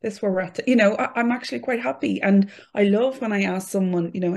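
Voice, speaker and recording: A woman's voice: medium pitch, fast, creaky, a little mellow. An Irish woman, a guest on a podcast, talking frankly and candidly and laughing easily. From Ireland. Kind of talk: casual interview chat.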